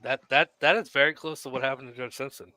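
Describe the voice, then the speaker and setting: Bright-voiced host chatting with a guest. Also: male voice, medium pitch, steady tone, fast talker, no echo. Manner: conversational, asks questions from viewers. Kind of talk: casual chat with a guest.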